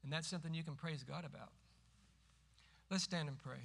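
High, bright-voiced man preaching. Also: a little fast, gravelly, a little hiss or hum. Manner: emphatic preaching, rising to forceful cries when quoting scripture. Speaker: pastor. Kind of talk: sermon.

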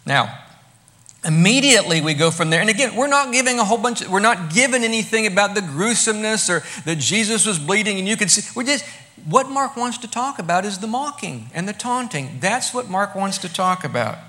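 Man, pastor, sermon, emphatic, high-pitched, bright tone. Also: animated, fairly quick. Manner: emphatic, dropping to quiet asides and rising to loud bursts.

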